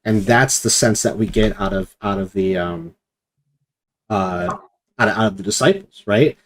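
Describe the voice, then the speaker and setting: A man's voice: fairly low pitch, normal speed. A man leading a streamed Bible study discussion, explaining at length and acting out quoted commands with emphasis.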